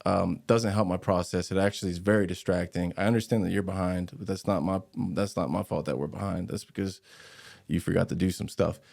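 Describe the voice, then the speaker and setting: A man, an actor guest, telling stories in a laid-back, slangy, animated way. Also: sits low, brisk, gravelly. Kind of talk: casual interview storytelling.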